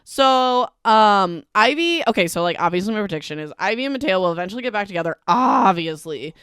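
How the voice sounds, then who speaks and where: A woman's voice: medium pitch, expressive, fast, a bit bright, clean tone, no room sound, clean studio sound. A woman hosting a casual book recap podcast, talking in a chatty, emphatic way and filling her speech with "like". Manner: chatty and emphatic, heavy use of "like". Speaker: podcast host.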